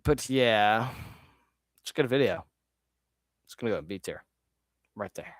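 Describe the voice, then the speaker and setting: Rambling, sidetracked male streamer with casual swearing and a lively up-and-down voice, recorded dry. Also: on the low side, a little slow, no room sound. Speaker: video creator ranking his own videos. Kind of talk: casual live-stream chat.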